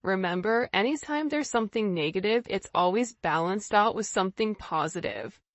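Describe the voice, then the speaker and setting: A woman's voice: medium pitch, expressive, moderate pace, dry recording, muffled recording. Casual woman giving a tarot reading. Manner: intuitive, repetitive, casual phrasing. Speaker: tarot reader.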